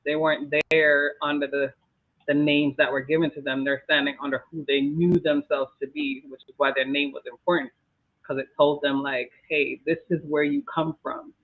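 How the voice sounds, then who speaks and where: A man's voice: a little high, flat delivery, normal speed. A man sharing his thoughts in a casual group Bible discussion, reflective, with trailing phrases and light laughs. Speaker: discussion panelist. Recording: tinny phone-like line.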